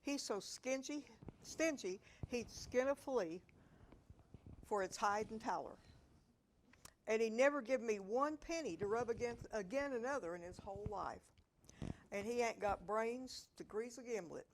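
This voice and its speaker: A woman voicing a gossipy old hill-country woman who scolds her husband, in an Ozark dialect and a loud, emphatic folksy manner. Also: a little high, measured pace, a little hiss or hum. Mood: complaining. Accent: Ozark hillbilly dialect.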